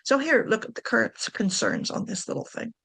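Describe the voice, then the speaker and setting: A woman's voice: a little high, wildly swooping pitch, brisk, gravelly, a bit bright, breathy edge. A woman giving a casual talk on writing to camera, chatty, correcting herself and laughing often. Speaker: writing coach.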